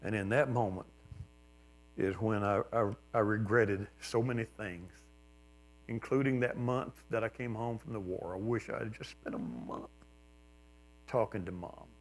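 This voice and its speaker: An older man, a pastor, telling a personal story in a sermon, reflective and plain-spoken with gentle humor. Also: on the low side, measured pace.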